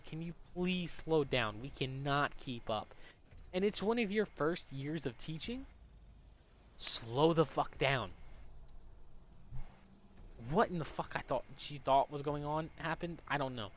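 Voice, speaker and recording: A man's voice: a little high, a bit bright, a little hiss or hum. A young adult man telling a personal story in a casual, rambling, heavily profane way.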